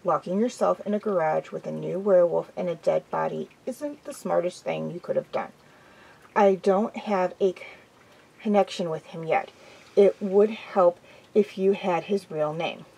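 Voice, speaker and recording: A woman's voice: lowish voice, normal speed, creaky, dark tone, slightly rough, low-quality recording. A woman voicing a commanding male werewolf pack leader in an amateur audiobook reading, speaking firmly. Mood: stern. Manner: stern and firm.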